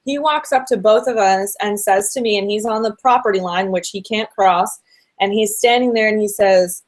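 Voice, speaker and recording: A woman telling a story in a casual podcast chat, animated and acting out the people she quotes. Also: mid-range voice, moderate pace. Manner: animated retelling with quoted voices.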